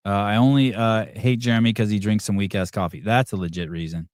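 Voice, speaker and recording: A man's voice: fairly low pitch, fairly even intonation, brisk, a little mellow, no room sound, studio quality. A man hosting a livestream podcast, swearing heavily and mocking a caller in a combative rant. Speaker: podcast host. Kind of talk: heated livestream chat.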